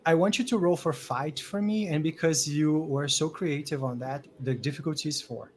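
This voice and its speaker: A man's voice: on the high side, moderate pace, slight background noise. A man running a tabletop game as game master, setting scenes with lots of "like" and restarts.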